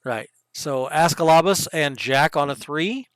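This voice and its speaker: Smooth-voiced man running a tabletop game. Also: on the high side, no echo, studio quality. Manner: casual, quick asides while running the game software. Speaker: game master. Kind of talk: narrating a tabletop game over voice chat.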